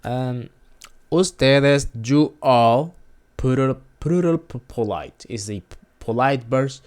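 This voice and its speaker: A man gives an informal language lesson in a mid-pitched voice. He talks slowly and haltingly, restarting phrases and repeating words so the listener can practise them. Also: lively intonation, clear, resonant tone.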